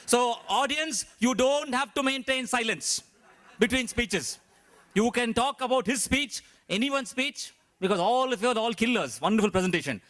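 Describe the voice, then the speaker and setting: Male contest emcee, high sharp voice, rambling and filler-heavy. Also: expressive, moderate pace. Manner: chatty, with many fillers and restarts.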